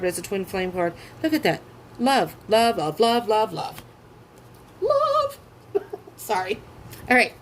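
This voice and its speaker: A woman giving a tarot reading who gushes with excitement, swears freely and breaks into gasps and laughter. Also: medium pitch, slight background noise, low-quality recording. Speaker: tarot reader.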